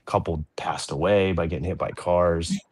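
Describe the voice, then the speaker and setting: A man's voice: low-pitched, fairly even intonation, moderate pace, darkish tone, slight background noise. A man co-hosting a casual video-call chat, joking and laid-back. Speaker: podcast co-host.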